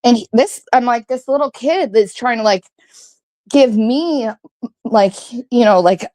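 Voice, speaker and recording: A woman's voice: on the high side, a little slow, darkish tone. A woman telling a long story in casual chat, rambling with many fillers, swearing freely and acting out what others said. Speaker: guest recounting a story.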